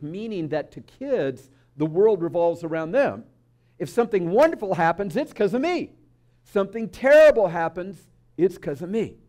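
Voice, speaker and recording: A man's voice: high-pitched, darkish tone. A man preaching a sermon at a church service, speaking conversationally, telling stories and asking the audience asides. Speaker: speaker at a spiritual community service.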